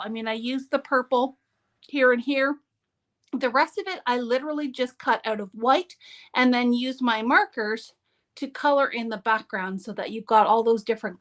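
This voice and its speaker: A woman's voice: a little high, fairly bright tone. A woman hosting a live papercraft demonstration, talking in a chatty, upbeat way and often breaking off mid-sentence. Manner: chatty, upbeat, self-interrupting.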